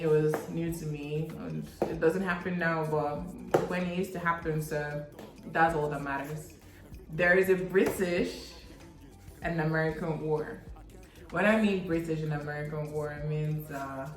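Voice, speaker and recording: A young woman from Nigeria chatting to camera in a joking, dramatic vlog. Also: low voice. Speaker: vlogger. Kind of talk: casual chat to camera. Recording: echoey room with faint music.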